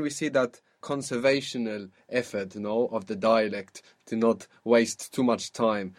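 A man's voice: mid-range voice, darkish tone. A man teaching a spoken language lesson, patiently asking for phrases, repeating each answer back and explaining pronunciation.

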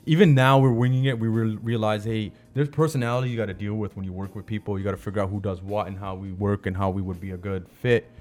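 A man's voice: fairly low pitch, steady tone, quick pace, hardly any pauses, a little mellow, faint music behind. Slangy Canadian man telling stories. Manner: loose, slangy storytelling with many restarts. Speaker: guest, comedian and chef. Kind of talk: casual interview chat.

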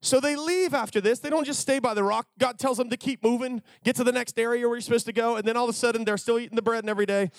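Lively, joking male youth preacher. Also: very high voice, very fast, few pauses, no room sound. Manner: animated, joking storyteller. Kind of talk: sermon.

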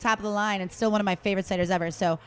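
A woman guest on a podcast, chatting casually and teasing the others with quick banter. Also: medium pitch, steady tone, fairly bright tone, clear, resonant tone. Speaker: guest, cider maker. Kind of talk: casual chat.

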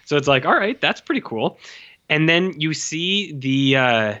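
A man's voice: on the high side, measured pace, muffled recording. A man in casual conversation about a film, rambling with lots of fillers and acting out lines from scenes. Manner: rambling, many fillers, animated quoting of characters.

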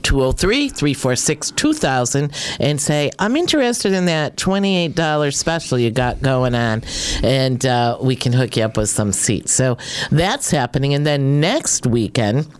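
Hoarse, deep-voiced woman radio host. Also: expressive, measured pace. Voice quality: deep throaty voice. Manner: chatty, rambling, with fillers. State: hoarse, under the weather. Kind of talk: morning radio interview. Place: radio studio.

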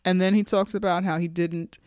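A woman's voice: fairly low pitch, fairly quick, dry recording, clean studio sound. A woman co-hosting a podcast, casually recapping a TV episode with lots of fillers and swearing. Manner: chatty, profane, animated storytelling with frequent fillers. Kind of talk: casual chat.

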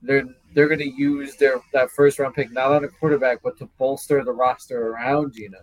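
A man with a mid-pitched voice co-hosts a casual live sports chat. He sounds relaxed and chimes in with short questions. The sound is dry and close. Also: brisk, no echo, poor audio. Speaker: sports show co-host.

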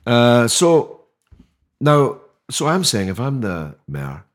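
A man's voice: mid-range voice, very animated, takes it slowly. An older man, a guest on a podcast interview, talking in an emphatic, rhetorical way with many restarts. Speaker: mayoral candidate guest.

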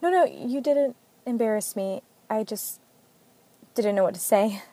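A woman voicing a shy, guarded young barista in an amateur story reading, speaking softly and hesitantly. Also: on the high side, a little slow, no echo.

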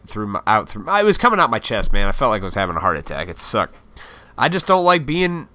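A man's voice: on the low side, pushed and bright, smooth, dry recording. A man in his thirties, a YouTuber, in a casual, rambling, profane vlog monologue. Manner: rambling, profane, laid-back, self-deprecating.

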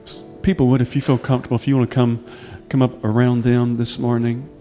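A man serving as pastor, gently inviting the congregation up and leading a repetitive, earnest prayer. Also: medium pitch, flat delivery, fairly quick, faint music behind.

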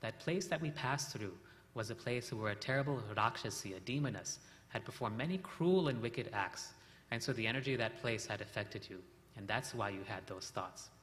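A man voicing a gentle, reassuring divine prince in a story, speaking in a soothing, explanatory way. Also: mid-range voice, expressive, normal speed, a little hiss or hum, natural voice. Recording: reverberant hall.

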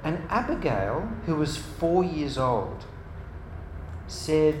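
Speaking slowly with long pauses and big pitch swings, a man with a somewhat high voice gives an earnest church talk at a parents' meeting. He tells stories and heaps up examples in long, repetitive lists. There is slight background noise, and the roomy hall carries faint ambience.

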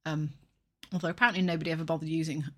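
A woman's voice: low-pitched, flat delivery, racing, a bit bright. A woman co-hosting a podcast, chatting casually in a wry, meandering way. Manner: chatty, wry, frequent ums. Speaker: podcast co-host. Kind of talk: casual chat.

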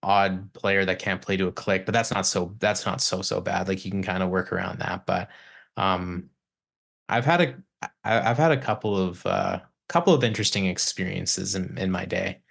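A man's voice: deep voice, normal speed, vocal fry, fairly bright tone, husky. A man telling studio stories on a podcast, rambling with restarts and swearing. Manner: rambling, many restarts, swears, mimics clients. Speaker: guest, recording engineer. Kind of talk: casual podcast chat, storytelling.

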